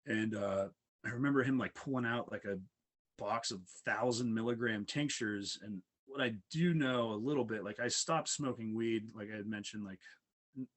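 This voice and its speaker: A man's voice: lowish voice, moderate pace. A young adult man casually telling a long personal story, rambling with many fillers.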